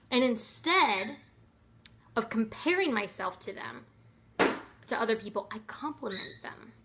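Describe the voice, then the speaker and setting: A young woman giving an earnest, expressive motivational talk to camera, with many fillers and restarts. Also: a little high, measured pace, pauses often, slight background noise. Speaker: motivational vlogger.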